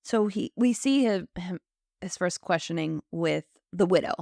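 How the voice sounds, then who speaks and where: A woman co-hosting a podcast, chatty and animated, who keeps slipping into quoted lines as she recaps. Her voice has a gravelly fry at the bottom. She is recorded close and dry, with no room sound. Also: fairly low pitch, unhurried, no echo. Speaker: podcast co-host. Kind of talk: casual chat recapping an episode.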